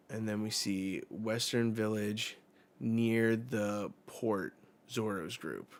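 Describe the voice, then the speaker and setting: Slow, low-voiced blunt male host. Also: steady tone. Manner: blunt and profane; summarizes panels aloud. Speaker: manga reaction host. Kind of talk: live manga chapter reaction.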